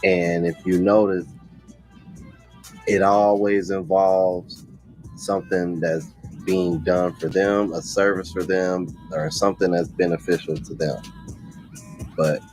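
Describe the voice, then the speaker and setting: A man's voice: low-pitched, level tone, takes it slowly, long pauses, a little mellow, soft background music. A man hosting a stream, giving blunt, slangy commentary on clips he plays. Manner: blunt, slangy, laughs along. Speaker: stream host reacting to clips. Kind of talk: casual reaction commentary. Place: home office.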